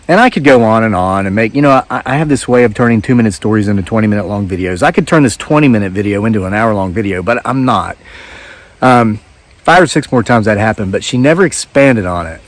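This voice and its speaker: A man's voice: lowish voice, animated, quick pace, no echo. A man vlogging outdoors in the woods, telling a rambling, wry story with lots of asides. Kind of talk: casual storytelling monologue.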